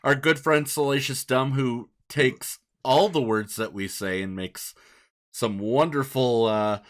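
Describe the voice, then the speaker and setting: A man's voice: mid-range voice, a little slow. Male podcast host, upbeat and chatty, casual home-studio feel. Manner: upbeat, chatty, prone to restarts. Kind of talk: casual chat.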